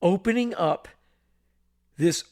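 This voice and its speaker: A man co-hosting a podcast, telling a story in an animated way and acting out voices and sounds. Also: high voice, slow. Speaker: podcast co-host. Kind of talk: storytelling in casual chat.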